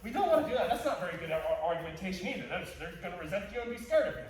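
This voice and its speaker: A man's voice: high voice, sing-song, very fast, noisy background. A man teaching a martial arts class, playful and joking, often restarting his sentences. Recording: echoey hall, distant mic.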